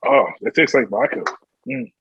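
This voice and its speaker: Brief: male podcast guest, mid-pitched, jokey, on a dry, slightly dull line. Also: wildly swooping pitch, normal speed, creaky, husky, no echo. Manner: jokey, laughs easily. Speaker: podcast guest, competitive powerlifter. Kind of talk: casual chat.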